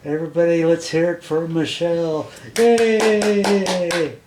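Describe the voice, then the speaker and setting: Slow showman-style man in echoey room. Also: on the high side, background noise. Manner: hyped-up showman delivery. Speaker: announcer introducing a child storyteller. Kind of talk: playful mock-formal introduction.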